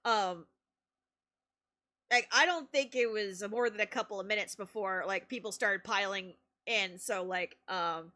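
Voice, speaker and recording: A woman streamer telling a story in casual live-stream chat, excitable, laughing often and swearing casually. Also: medium pitch, unhurried.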